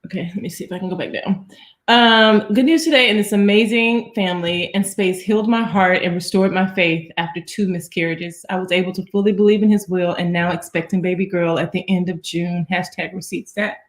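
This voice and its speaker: A woman's voice: on the low side, steady tone, fairly quick, roomy sound. A woman co-hosting a casual show, reading viewer testimonies and laughing often. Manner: laughs often, good-humored. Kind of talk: casual livestream chat.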